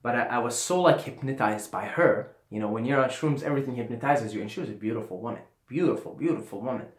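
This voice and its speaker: A young man casually telling a trip story on his vlog, animated and swearing, sometimes dropping to a mumble. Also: medium pitch, quick pace. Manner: animated, swearing, drops to mumbling and whispers when quoting himself. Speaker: vlogger. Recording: echoey room.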